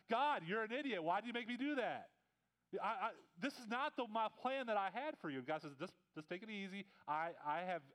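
A man delivering a casual sermon that unfolds as a retold story. His voice sits a little high and comes through smooth and clear, and he slips into the characters' lines as the story moves along. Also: rough recording. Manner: conversational storytelling with voiced asides and restarts. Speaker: pastor.

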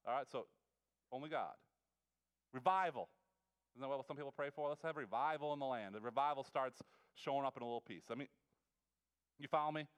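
A male preacher retelling a story in a sermon, in a casual, animated way with asides and quick restarts. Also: medium pitch, smooth. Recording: long reverb of a large hall.

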